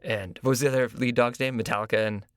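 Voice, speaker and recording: A man's voice: medium pitch, fairly even intonation, fast talker, no echo, studio quality. A man hosting a podcast, asking curious follow-up questions in a conversational way. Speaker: podcast host, interviewer. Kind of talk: conversational interview.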